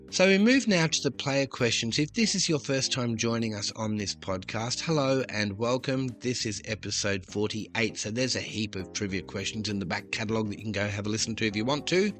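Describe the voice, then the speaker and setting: Aussie guy hosting a quiz podcast, lowish voice, punchy and bright, a bit of music faint underneath. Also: lively intonation, fairly quick. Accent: Australian. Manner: chatty and upbeat, reading questions aloud. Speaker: trivia podcast host.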